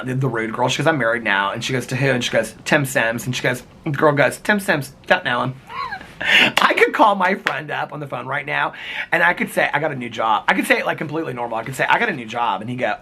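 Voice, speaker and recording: A man's voice: on the high side, pushed and bright, breathy edge. A middle-aged man vlogging in casual chat, rambling from story to story, laughing often and quoting old movie lines. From United States.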